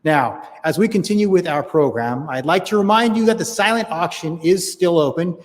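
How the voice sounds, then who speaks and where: Man, gala host, polite scripted announcing, fairly high voice, long hall echo. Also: moderate pace. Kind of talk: scripted event hosting.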